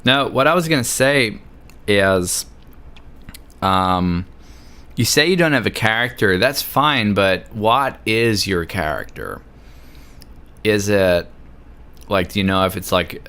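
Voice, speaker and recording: A man's voice: on the low side, animated, slow pace, long pauses, bright, forceful tone. A drunk Australian man livestreaming a game, chatting in a rambling, sweary, giggly way. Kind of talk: casual chat while gaming.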